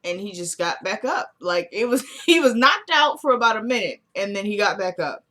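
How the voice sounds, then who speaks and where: A woman giving a casual, animated vlog recap of a TV episode, acting out the characters' lines in a frank, exclamatory way. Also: mid-range voice, moderate pace. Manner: animated storyteller who acts out quoted lines. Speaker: TV episode reviewer.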